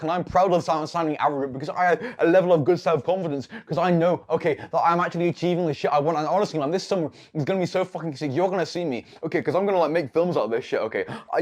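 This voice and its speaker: A man's voice: on the high side, a little mellow. A teenage young man self-filming a motivational vlog, profane and boastful, tagging nearly every phrase with "okay". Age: late teens. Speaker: YouTube creator. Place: own room with whiteboard, self-filmed.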